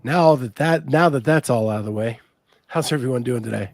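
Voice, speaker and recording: A man hosting a podcast, chatting casually and reading sponsor spots in a relaxed way with frequent ums. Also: medium pitch, fairly quick. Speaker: podcast host. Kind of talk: casual chat and sponsor reads.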